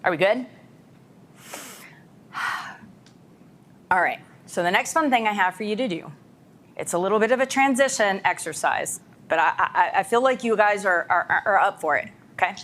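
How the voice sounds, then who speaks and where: A woman's voice: medium pitch, animated, normal speed, pauses often, fairly bright tone. A woman from a school of government giving a conversational workshop presentation to a county board, now and then acting out reluctant staff. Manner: conversational, acts out reluctant staff in mock voices. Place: meeting room.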